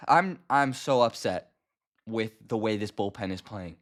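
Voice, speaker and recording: A man's voice: on the low side, animated, unhurried. A young man hosting a fan sports channel, talking straight to camera in an exasperated, emphatic rant that keeps circling back to the same complaints. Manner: exasperated, emphatic, repeats himself. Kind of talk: casual ranting commentary.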